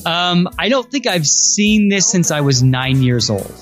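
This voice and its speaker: A man's voice: high voice, expressive, a little slow, soft background music. A man co-hosting a casual movie podcast, talking with easygoing enthusiasm and restarting his sentences as he goes. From Austin, Texas. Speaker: podcast co-host.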